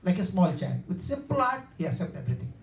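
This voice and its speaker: A man giving a sermon to devotees, telling stories and chuckling, often halting to search for words and restarting his sentences. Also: sits high, sing-song, slight background noise. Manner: storytelling with chuckles. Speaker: monk preaching to devotees. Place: lecture room. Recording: roomy, distant and dull-sounding room recording.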